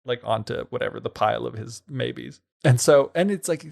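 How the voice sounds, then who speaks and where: A man's voice: medium pitch, normal speed, creaky, a little mellow. A man co-hosting a podcast, retelling a folktale in casual chat and playfully acting out the characters. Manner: playful, acts out characters with sarcastic quoted voices.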